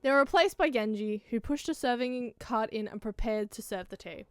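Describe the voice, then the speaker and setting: A woman's voice: on the high side, normal speed, clean tone, no echo, studio quality. A young woman hosting a casual visual novel read-along, narrating and chatting with giggles. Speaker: host of a read-along channel.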